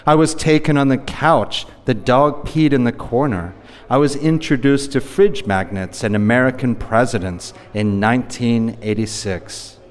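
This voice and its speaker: A man's voice: mid-range voice, measured pace. A man giving a live poetry reading, with a rhythmic, repetitive delivery. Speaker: poet. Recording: long hall reverb.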